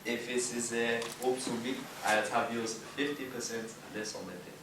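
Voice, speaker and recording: A man's voice: mid-range voice, fairly even intonation, lightly acted. A man playing a sexist Frenchman in broken English. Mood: arguing. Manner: halting, many fillers and restarts. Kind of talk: improvised comedy scene. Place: workshop room. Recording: echoey room from far off, faint noise.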